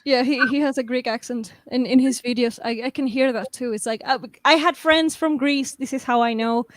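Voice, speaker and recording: A woman author chatting over a video call, chatty and self-mocking, and quick to laugh. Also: high-pitched, fairly even intonation. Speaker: author at a karaoke meetup. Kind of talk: casual group video chat.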